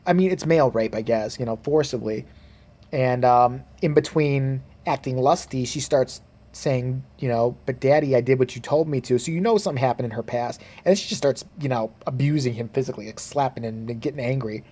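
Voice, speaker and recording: Male reviewer, casual and profane, rambling delivery with fillers, mid-pitched voice. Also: warm tone. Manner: mimics characters in quick quoted voices. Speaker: movie reviewer. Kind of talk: casual spoken movie review.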